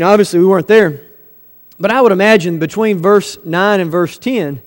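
A man preaching a sermon to his church, conversational and asking the congregation rhetorical questions. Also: on the high side. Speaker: pastor. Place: church sanctuary. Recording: long hall reverb.

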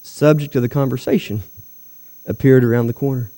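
Long hall reverb fills the church where a man preaches briskly to his congregation, steady in tone, with a mid-range, dark voice. He is emphatic and keeps asking rhetorical questions.

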